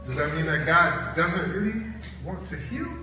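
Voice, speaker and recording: A man's voice: fairly high pitch, normal speed, a little hiss or hum. A man preaching a college chapel sermon, telling stories animatedly and acting out the voices in them. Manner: animated storytelling with acted-out voices. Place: large chapel hall. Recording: echoey hall, heard from a distance.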